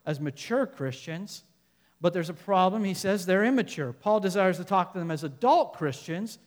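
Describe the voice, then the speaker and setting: A male pastor with a high voice preaches a sermon in a church sanctuary. He builds to loud, emphatic points, then drops to quiet asides. His voice carries a long reverb from the large hall. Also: expressive, moderate pace.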